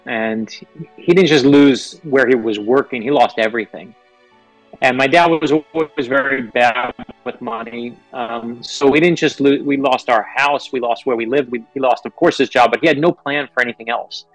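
A middle-aged man from New York, an author telling earnest, animated stories about his life as an interview guest. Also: medium pitch, moderate pace, no echo, soft background music, rough recording. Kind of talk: interview storytelling.

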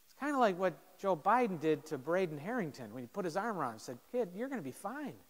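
A man's voice: high voice, fairly bright tone, in a large hall. A man in his fifties, a pastor telling a story to teenagers in short, punchy phrases, acting out the people in it. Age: 50s.

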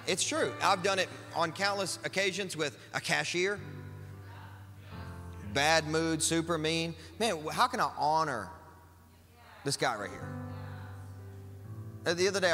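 A man's voice: fairly high pitch, sharp tone. A man pastor preaching a sermon, emphatic and conversational, with casual asides to the congregation. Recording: church hall with long reverb and faint music.

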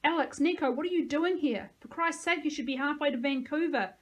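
A stern, bossy woman officer who scolds and yells at everyone , as a woman reading a story voices her. Her voice sits high and pushes hard. It sounds like a storybook read aloud. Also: fairly quick, natural voice. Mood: angry. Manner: scolding, yelling.

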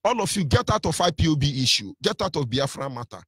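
A man's voice: a little high, big pitch swings, fast talker, a bit bright, husky, dry recording, studio quality. A man with a Nigerian accent giving an impassioned, preacherly radio talk, fiery and defiant. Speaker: radio broadcaster.

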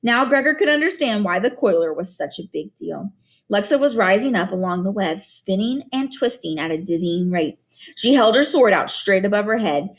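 A woman teacher reading a novel chapter aloud to her students, then chatting expressively about it. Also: mid-range voice.

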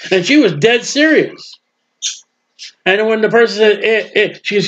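Male preacher, high voice, emphatic sermon delivery, dull lo-fi recording. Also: lively intonation, unhurried, long pauses. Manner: emphatic, swings between loud proclaiming and low asides.

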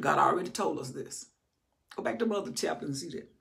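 A woman's voice: sits low, animated, fairly quick, creaky. A middle-aged woman teaching a Bible study, reading scripture aloud and then expounding on it with rising, emphatic force.

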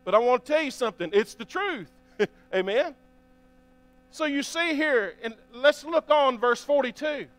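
A man's voice: very high voice, animated, moderate pace, few pauses, a bit bright. A man preaching a sermon as pastor, reading scripture aloud and often asking the congregation for an amen. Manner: reads scripture aloud between remarks.

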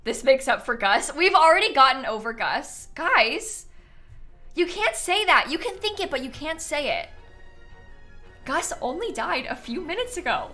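A bright-voiced woman chats casually as she plays a game on stream, her pitch bouncing up and down. She giggles a lot and answers her chat, with faint music under her voice. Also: very animated, measured pace. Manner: chatty, giggly, talks to chat. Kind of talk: casual gameplay commentary.

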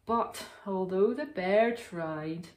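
Slow-paced woman reading a children's story. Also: mid-range voice, reverberant. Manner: rhythmic, expressive rhyming narration.

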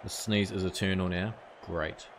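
A man's voice: low-pitched, steady tone, normal speed, background noise. A man streaming a cricket video game live, chatting casually with viewers and swearing now and then. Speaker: gaming streamer.

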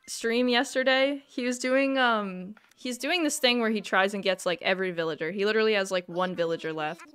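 A young woman live streaming a video game, chatting with her viewers and breaking into excited squeals and shouts. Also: medium pitch, clean tone. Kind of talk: casual gaming livestream chat.

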